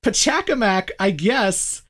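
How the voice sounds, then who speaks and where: Animated woman retelling a show. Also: mid-range voice, measured pace. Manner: animated, laughs while retelling scenes. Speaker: podcast co-host. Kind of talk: casual chat.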